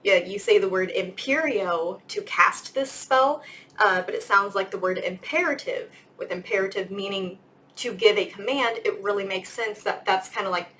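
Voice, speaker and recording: A woman's voice: mid-range voice, moderate pace, sharp tone, a little hiss or hum, rough recording. A young woman giving a casual grammar lesson as a teacher, chatty and full of fillers. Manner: chatty, lots of "like" and "um". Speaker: English teacher.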